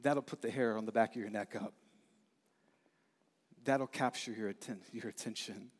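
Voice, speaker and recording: A man's voice: fairly low pitch, steady tone, moderate pace, husky. A man preaching a sermon, earnest and conversational, with casual asides, in a church sanctuary. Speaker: pastor. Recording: long hall reverb.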